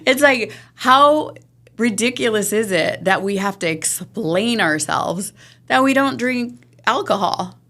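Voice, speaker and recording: A woman's voice: medium pitch, expressive, takes it slowly, fairly bright tone. A middle-aged woman, a podcast guest, speaking candidly and earnestly about her recovery, with frequent restarts and nervous laughs. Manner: earnest, rambling with restarts, laughs through hard moments. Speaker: interview guest.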